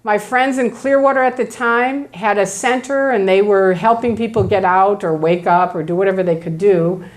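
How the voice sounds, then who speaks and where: Animated middle-aged woman telling her story. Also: mid-range voice, moderate pace. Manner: animated storytelling, acting out quoted dialogue. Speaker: speaker at a talk. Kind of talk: personal story told to an audience. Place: event room before an audience.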